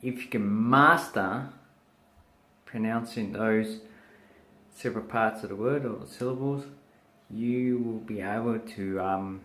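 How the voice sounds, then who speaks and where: Slow Australian man teaching slang. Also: on the low side, pushed and bright, reverberant. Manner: jokey, slow and deliberate, spells out sounds. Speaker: language teacher. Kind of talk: casual video lesson.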